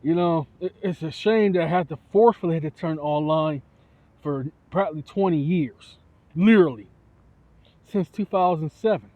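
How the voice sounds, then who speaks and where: A man's voice: a little high, normal speed. A man from Ohio ranting heatedly to the camera, repeating himself and tossing in "you know what I'm saying" again and again. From Toledo, Ohio. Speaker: independent musician. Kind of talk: angry rant to camera. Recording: tinny phone-like audio.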